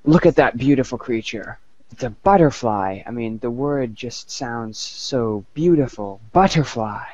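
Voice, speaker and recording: A man's voice: mid-range voice, lively intonation, unhurried, darkish tone, no room sound, dull audio, lightly acted. A man doing an admiring Englishman. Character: admiring male Englishman praising a word.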